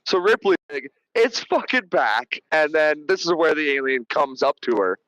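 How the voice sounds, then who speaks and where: Podcast dude rambling about a movie, swears a ton, kinda high voice, dry sound. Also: male voice, moderate pace, a bit bright, no echo, rough recording. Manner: rambling, swears a lot, many restarts. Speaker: podcast host. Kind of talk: casual movie review chat.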